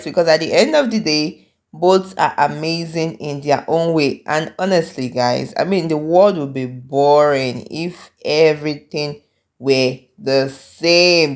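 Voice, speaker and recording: A woman hosting, wrapping up for viewers in an upbeat tone, often saying "I mean". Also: deep voice. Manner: enthusiastic, repeats "I mean". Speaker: host.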